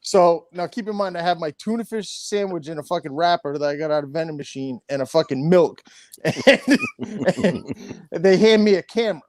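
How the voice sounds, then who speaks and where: A man's voice: on the high side, brisk, a little mellow, slight background noise. A middle-aged man telling a long, profane story in casual chat, rambling with many restarts. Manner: rambling, swears often, restarts. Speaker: storyteller guest.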